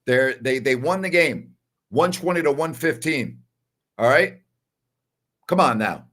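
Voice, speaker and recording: A man's voice: mid-range voice, expressive, a little slow, a bit bright. Man, New York accent, sports postgame host, casual chat, emphatic, keeps asking "all right?". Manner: emphatic and repetitive, with tag questions. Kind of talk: casual livestream chat, reading viewer comments.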